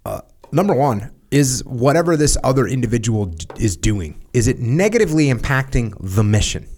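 A man's voice: medium pitch, very animated, normal speed, darkish tone. A man hosting a podcast, talking casually and acting out short quoted exchanges to make his points. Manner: plain-spoken, acts out short quoted dialogues. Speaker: podcast host.

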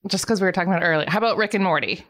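A woman's voice: on the low side, racing, fairly bright tone. A woman co-hosting a podcast in a playful, laughing, casual way. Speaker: podcast co-host. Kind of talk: casual chat.

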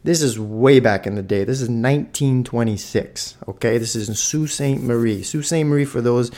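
A man hosting a podcast, telling a story in a lively, profane way with punchy sound effects. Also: mid-range voice, moderate pace. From Toronto, Canada. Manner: animated, swears freely, adds punchy sound effects. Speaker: podcast host. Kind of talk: casual storytelling monologue.

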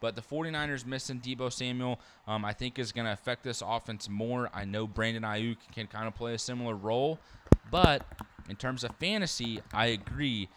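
A man co-hosting a casual sports podcast, talking fast and teasing his partner as he makes his game picks. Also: medium pitch, very noisy. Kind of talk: casual sports-betting chat.

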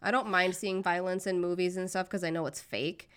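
Outspoken American woman co-host, lower register, casual and profane. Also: steady tone, brisk, a bit bright, clean tone. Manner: outspoken, swears freely. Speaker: podcast co-host. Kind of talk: casual blunt podcast chat. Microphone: remote call, connection drops.

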